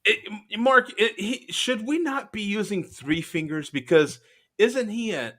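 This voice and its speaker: A man hosting a relaxed live chat show, his tone bright and forward and his talk slow and unhurried. He jokes, riffs and laughs easily, and his pitch moves all over the place. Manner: jokey, laughs often, riffs. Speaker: host.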